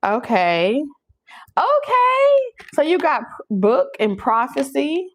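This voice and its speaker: A woman giving a loose, chatty tarot reading straight to camera. She preaches and jokes in an animated way, laughing often as she speaks to her viewers. Her voice sits at a middle pitch. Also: measured pace, a little hiss or hum, poor audio. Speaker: tarot reader. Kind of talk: casual channeled tarot reading.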